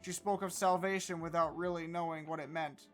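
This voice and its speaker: A streamer reading a visual-novel game story aloud with a steady, plain delivery. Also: medium pitch, a little fast, faint music behind.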